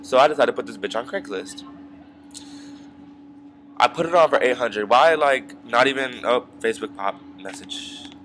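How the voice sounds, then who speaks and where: A man's voice: medium pitch, lively intonation, moderate pace, long pauses, fairly bright tone, slight background noise. A young man with a mid-range voice tells a story in a loose, rambling vlog rant. He swears constantly, trails off into ums and asides, and keeps circling back to his complaint. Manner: rambling, profane, full of fillers and asides. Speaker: vlogger.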